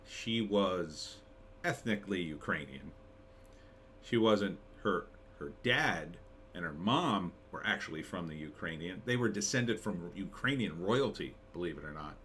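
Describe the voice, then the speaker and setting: A middle-aged man with a lowish voice hosts a live stream and chats loosely, full of ums, restarts and asides to the chat. His recording carries a faint noise bed behind him. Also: sharp tone. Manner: rambling, chatty, many fillers and restarts. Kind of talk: casual live-stream chat, reading chat comments.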